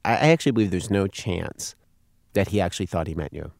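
A man's voice: deep voice, lively intonation, fast talker, vocal fry, a little mellow, no echo, studio quality. A man hosting a conversation, retelling parts of a guest's story and reacting to it, thinking aloud. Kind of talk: conversational interview.

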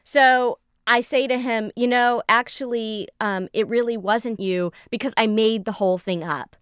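A woman recounts a personal story in conversation as a guest, animatedly acting out the lines of the people involved. Her voice is a little high, clear, and resonant at a measured pace, recorded dry with clean studio sound.

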